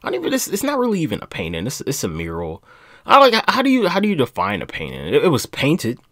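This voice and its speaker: A man's voice: medium pitch, wildly swooping pitch, fast talker, fairly bright tone, no echo, studio quality. A young man hosting his own vlog in a casual, rambling rant, swearing freely and laughing at himself. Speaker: vlog host. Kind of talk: casual profane rant to camera.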